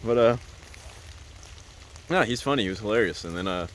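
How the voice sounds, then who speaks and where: A man's voice: on the low side, lively intonation, moderate pace, slight background noise. A man telling a casual, rambling story as a vlogger, full of "like" and "uh" and laughing often.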